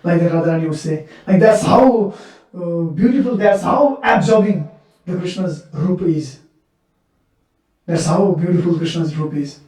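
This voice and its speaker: In an echoey temple hall with the mic far off, a man preaches, earnestly telling devotional stories with many repetitions. His voice sits high and mellow at a normal speed.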